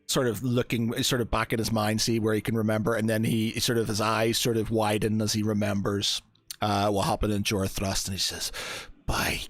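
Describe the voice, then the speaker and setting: A man's voice: on the low side, no room sound. A man narrating as game master of a tabletop game, hesitant and full of restarts. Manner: hesitant, many fillers and restarts.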